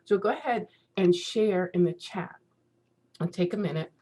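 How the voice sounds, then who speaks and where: A woman's voice: on the low side, normal speed, mellow. Woman, 50s, casual conference speaker on a video call; chatty, self-mocking, laughs easily. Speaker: keynote speaker.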